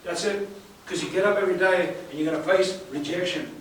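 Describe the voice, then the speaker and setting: A sales trainer speaking emphatically to a live audience, asking rhetorical questions and repeating words for effect. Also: male voice, high-pitched, brisk, a bit bright. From South Africa. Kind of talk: live seminar talk. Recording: echoey room, far from the mic, faint hiss.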